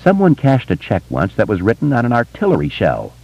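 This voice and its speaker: A man's voice: medium pitch, wildly swooping pitch, a little fast, vocal fry, husky, no echo, pitched above the performer's own voice, exaggerated voice. A man voicing a shaken, nervous woman. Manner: hesitant, nervous. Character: shaken woman who has fled her husband. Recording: dull lo-fi audiobook recording.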